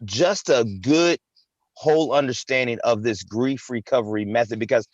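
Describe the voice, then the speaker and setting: A man hosts a live talk show, chatting casually and animatedly at a moderate pace in a mid-range voice, often repeating words and saying "man" and "right". The recording is lo-fi with no room sound.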